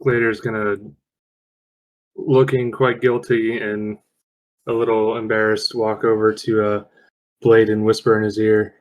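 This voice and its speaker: A man's voice: fairly low pitch, little pitch movement, measured pace, long pauses, a little mellow, muffled recording. A man playing a tabletop game on a voice call, narrating his character's moves and stopping to second-guess himself. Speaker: player. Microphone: headset or desk mic on a voice call.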